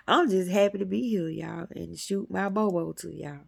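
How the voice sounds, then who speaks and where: A woman's voice: lowish voice, moderate pace, vocal fry, hardly any pauses, breathy edge. A woman hosting a metaphysics channel, giving a casual, colloquial spiritual talk and calling her viewers y'all.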